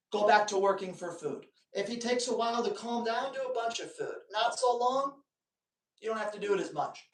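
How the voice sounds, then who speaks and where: A man's voice: high-pitched, moderate pace. A man hosting a live dog training Q&A, giving blunt, emphatic advice in short, punchy commands. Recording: roomy, distant from the mic.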